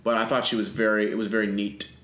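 A man co-hosting a casual movie discussion podcast, animated and swearing, thinking aloud with fillers. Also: lowish voice, fast talker. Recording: roomy echo.

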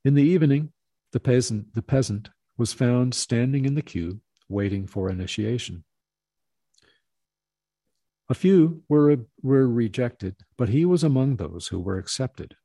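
A man narrating a story in a steady, deliberate reading voice. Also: mid-range voice, dry recording.

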